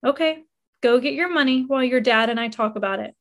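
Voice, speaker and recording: A woman voicing a composed mother who speaks in a calm, businesslike way. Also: sits high, fast.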